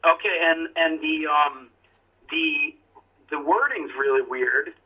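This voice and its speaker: A man's voice: fairly high pitch, slow pace, husky. A man calling in to a live talk show over the phone, chatting about the news with the host. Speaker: caller. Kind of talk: phone-in conversation. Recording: tinny phone line.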